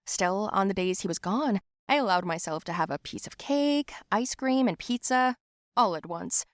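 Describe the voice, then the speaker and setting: At a normal speed, a woman expressively narrates an animated story from her own perspective, her pitch in the middle range. The close, dry recording has no echo.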